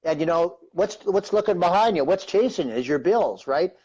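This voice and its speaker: This Canadian man in his fifties has a high, expressive voice that is darkish and slightly rough, moving at a moderate pace over lo-fi sound. As a guest on a live-streamed interview, he tells a long, rambling personal story, filled with "you know" and "right?".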